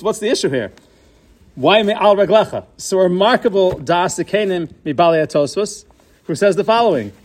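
High-voiced man teaching a Torah class. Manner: inquisitive, poses questions then answers them; mixes Hebrew and Yiddish-style terms into English.

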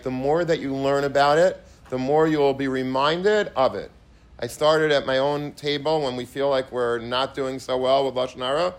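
A man, a rabbi, giving an emphatic sermon. He repeats himself, restarts his phrases, and mixes in many Hebrew and Yiddish terms. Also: medium pitch. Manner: emphatic, repetitive, with frequent restarts.

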